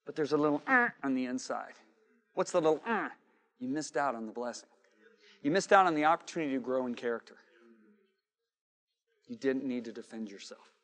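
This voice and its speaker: A man preaching a sermon, telling a story with quoted dialogue and swinging from shouting to hushed asides. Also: mid-range voice, expressive, brisk, pauses often.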